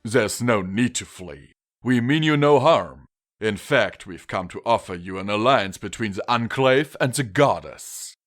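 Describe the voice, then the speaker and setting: Man doing a smooth, persuasive envoy. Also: lowish voice, animated, measured pace, a bit bright. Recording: long reverb with faint music.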